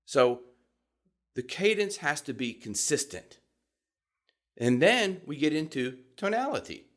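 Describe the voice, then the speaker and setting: A middle-aged man with a Southern US accent, teaching voice technique in a calm, measured, deliberate way. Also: a little high. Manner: calm, measured and deliberate, demonstrating vocal examples. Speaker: voice coach. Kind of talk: instructional talk.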